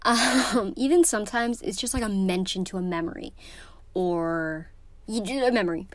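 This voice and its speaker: A woman's voice: mid-range voice, moderate pace, dry recording. Teen girl vlogger, emotional and effusive, filler-heavy casual delivery, mid-range voice, dry close recording. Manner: gushing and emotional, many fillers. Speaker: book vlogger. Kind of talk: casual vlog chat.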